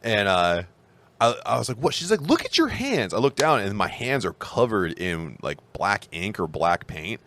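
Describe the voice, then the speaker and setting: A man in his thirties with a very low, deep voice spins a self-mocking anecdote on a casual podcast. He rambles and restarts often, laughing at himself as he goes. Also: lively intonation, normal speed, a bit bright, a little hiss or hum. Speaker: podcast co-host. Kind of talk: casual storytelling chat.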